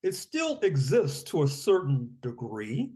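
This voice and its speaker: A man's voice: fairly high pitch, huge pitch swings, measured pace, darkish tone. A man speaking as an author and guest on a podcast interview, discursive, often repeating his words and giving wry chuckles.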